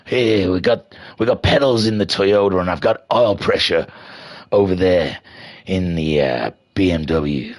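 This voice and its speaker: A man putting on a gruff, deep-voiced impression of a laid-back tough-guy movie star. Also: unhurried.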